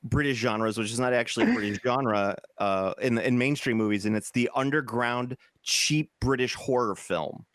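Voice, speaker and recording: A man's voice: medium pitch, moderate pace, few pauses, a bit bright, no room sound, clean studio sound. Rambling jokey man in his forties. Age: 40s. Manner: rambling, jokey, laughs often. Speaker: podcast co-host. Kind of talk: casual chat.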